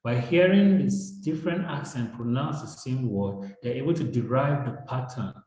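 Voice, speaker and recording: A man's voice: mid-range voice, moderate pace, dark tone. A man from Nigeria with a Nigerian accent, explaining teaching methods through examples and often checking in with "right?". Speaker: education guest. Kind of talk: explanatory discussion. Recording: very echoey room.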